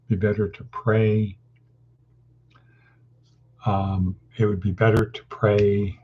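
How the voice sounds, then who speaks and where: Rambling, husky-voiced man with a low-fi sound. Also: steady tone, takes it slowly, pauses often. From California. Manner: rambling, folksy, jumps between topics. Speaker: host of a daily motivational session. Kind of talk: casual morning talk. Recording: dull lo-fi sound.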